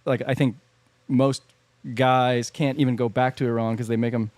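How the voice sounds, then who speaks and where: A man's voice: medium pitch, flat delivery, normal speed, darkish tone, no echo. A man co-hosting a podcast, telling a story casually with lots of fillers and laughter. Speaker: podcast co-host. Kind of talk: casual chat.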